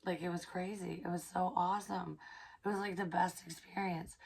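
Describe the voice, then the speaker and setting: A woman psychic medium casually telling a personal story, excitable and profane, dropping into hushed asides. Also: on the low side, normal speed, creaky, husky.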